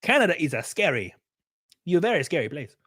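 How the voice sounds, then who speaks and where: A man's voice: fairly high pitch, big pitch swings, fast, sharp tone, slightly rough, no room sound, clean studio sound. A man in his thirties, a live streamer, ranting casually and profanely to his chat with sarcasm. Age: 30s.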